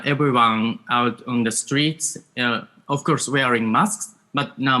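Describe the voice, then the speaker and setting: Man, bright tone, hesitant with fillers, video call. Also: medium pitch. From Japan. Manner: hesitant, many fillers, laughs often. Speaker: startup founder, panelist. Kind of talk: panel self-introduction.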